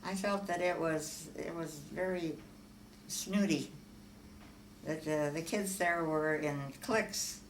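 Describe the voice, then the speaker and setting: Recorded at a distance in an echoey room with faint hiss, this older Omaha, Nebraska woman speaks in a low voice. In an oral history interview she recounts her life without hurry, filling pauses often and laughing softly.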